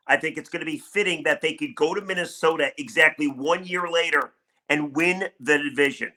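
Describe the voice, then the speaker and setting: A man's voice: a little high, sharp tone. A middle-aged man hosting sports talk radio, talking conversationally and emphatically and putting questions to his listeners.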